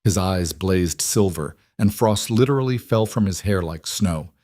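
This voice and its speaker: A man narrating a fantasy romance audiobook in a steady storytelling way. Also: low-pitched, measured pace, no echo, studio quality.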